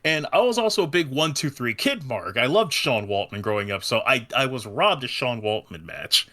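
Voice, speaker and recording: Bright, lively-voiced stammering man. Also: medium pitch, normal speed. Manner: stammering, repeats words, excitable. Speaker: podcast host. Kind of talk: casual chat.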